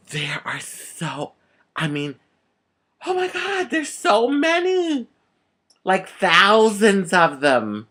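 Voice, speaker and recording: A woman voicing a dramatic adult female fortune teller who gasps and gives hushed, urgent warnings. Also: deep voice, fairly even intonation, slow, breathy edge, full character voice. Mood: alarmed.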